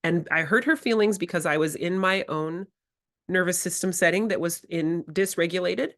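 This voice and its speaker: A woman's voice: on the low side, normal speed, a bit bright. A woman presenting a workshop to educators, talking in a reflective, candid way and acting out her own quoted words. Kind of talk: teaching workshop talk.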